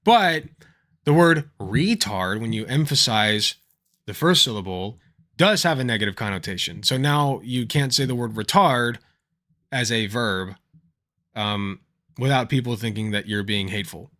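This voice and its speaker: A man's voice: fairly low pitch, normal speed, pushed and bright. A man hosting a livestream, chatting casually and telling anecdotes, swearing freely and laughing at his own stories. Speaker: livestream host.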